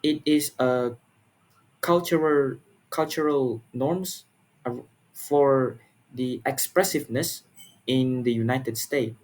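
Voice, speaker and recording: A young man from Malaysia, giving a class presentation in an earnest, halting way, often repeating words and filling pauses. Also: medium pitch, darkish tone. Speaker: student presenter.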